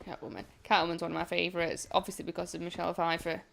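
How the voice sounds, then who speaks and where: A woman's voice: fairly low pitch, flat delivery, rapid-fire, vocal fry, fairly bright tone. Chatty Derbyshire woman streaming a game. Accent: Derbyshire-Yorkshire border. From Chesterfield, England. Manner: chatty, self-mocking, swears now and then. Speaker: gaming streamer. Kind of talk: casual let's-play chat. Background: game music.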